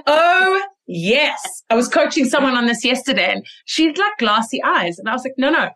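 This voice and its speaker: Slightly high-voiced woman hosting a podcast, super enthusiastic, keeps saying she loves it. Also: big pitch swings, a little slow, a bit bright, faint music behind. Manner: enthusiastic, affirming. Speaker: podcast host. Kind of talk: casual podcast interview.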